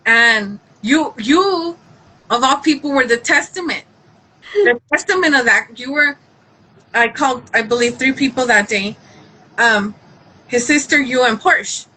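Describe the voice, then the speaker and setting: Bright-voiced woman telling a lively story. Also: on the high side, moderate pace, long pauses, slight background noise, poor audio. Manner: animated storytelling, acts out quoted lines, frequent restarts. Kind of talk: casual faith-based chat.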